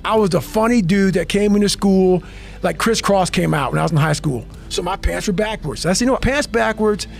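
A man with a high, gravelly voice talks with raw intensity, blunt and profane, hammering his points and stumbling into repeats when fired up. Faint music plays underneath. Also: brisk. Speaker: podcast guest. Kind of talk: intense motivational storytelling.

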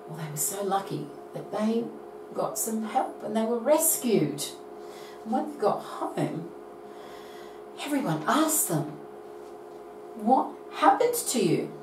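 Woman doing a kids' phonics lesson, slow and bouncy, kinda far off in an echoey room. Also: mid-range voice, over music. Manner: animated, coaxing children to join in. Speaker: phonics teacher. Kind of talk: storytelling lesson for young children. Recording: roomy echo from a distance.

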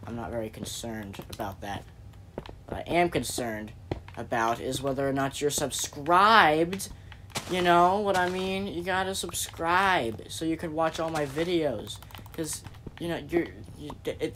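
A man's voice: mid-range voice, background noise. A man hosting his own gaming channel, giving loose, jokey commentary while he plays, often cutting himself off mid-sentence. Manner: rambling, jokey, self-interrupting. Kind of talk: gameplay commentary.

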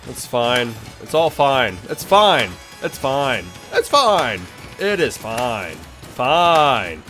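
A young man hosting a gaming video, commenting as he plays and often sliding from muttered complaints into yelled outbursts of frustration. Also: medium pitch, big pitch swings, drawn-out words, faint music behind. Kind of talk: let's play commentary.

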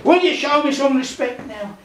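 Male storyteller as proud, menacing devil; high, roomy, distant. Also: animated, normal speed. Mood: haughty. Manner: haughty, demanding. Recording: roomy club sound from afar.

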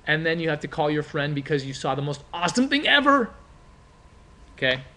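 Chatty guy teaching, lots of ums and "right?", kinda high voice. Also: very animated, a little fast, bright, forceful tone. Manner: casual, chatty, lots of fillers and rhetorical questions. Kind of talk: classroom explanation with role-play.

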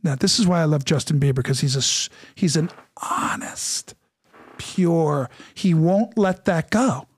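High-pitched middle-aged guy telling stories on an interview show, acts out the voices in them, dry close sound. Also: measured pace, breathy edge, no room sound. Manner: animated, acts out quoted dialogue. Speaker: interview guest. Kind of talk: storytelling in a casual interview.

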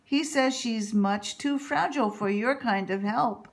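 A woman reading a brisk, firm storybook mother. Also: fairly high pitch. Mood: stern. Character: firm mother delivering bad news.

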